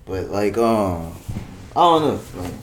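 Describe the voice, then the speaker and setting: A man's voice: fairly low pitch, big pitch swings, slow pace, a little hiss or hum. A young man in casual chat, hesitant and laid-back, full of slang and laughter.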